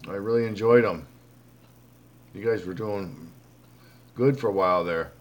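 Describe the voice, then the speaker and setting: A man's voice: lowish voice, a little slow, dull audio. A man hosting a casual live stream, chatting loosely with viewers, greeting them by name and calling them bud. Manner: rambling, reads viewer comments aloud; frequent fillers and restarts. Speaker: livestream host.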